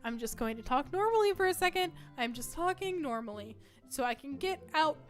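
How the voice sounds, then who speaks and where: High, lively young woman streamer. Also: a little fast, faint music behind. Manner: playful, giggly, self-mocking. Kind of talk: reading a dating game aloud on stream.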